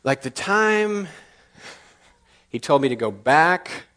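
A man preaching a sermon, telling personal stories with animated acted-out dialogue and laughing at his own jokes. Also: fairly high pitch, takes it slowly. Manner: animated, acts out dialogue in lively voices. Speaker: pastor. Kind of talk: storytelling sermon.

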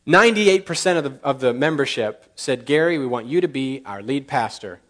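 A male preacher with a mid-range voice tells stories from the pulpit. He acts out each exchange with lively, jumping voices and chuckles at his own humor. Animated and conversational in tone. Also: medium pitch, brisk. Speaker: pastor. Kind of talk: storytelling sermon.

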